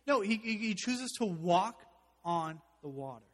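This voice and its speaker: A man preaching a sermon as pastor, animated, with joking asides, swinging from loud to hushed. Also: sits high, measured pace, in a large hall.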